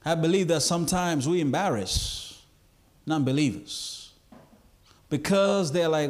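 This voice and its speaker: A man preaching a sermon, slow and emphatic, building repeated phrases to a climax. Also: fairly high pitch, expressive. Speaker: pastor.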